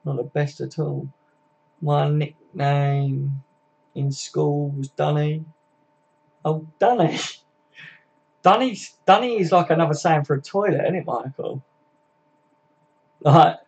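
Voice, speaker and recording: Sweary bloke chatting footy on a live stream, bit husky, kinda muffled lo-fi mic. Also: male voice, on the high side, moderate pace, long pauses. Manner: chatty, sweary, laughs often, answers viewers by name. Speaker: livestream host. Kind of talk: casual live chat reading viewer comments.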